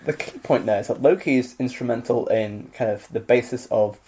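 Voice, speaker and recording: A man co-hosting a podcast in casual chat, asking animated questions. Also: mid-range voice, brisk, slight background noise. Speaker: podcast co-host.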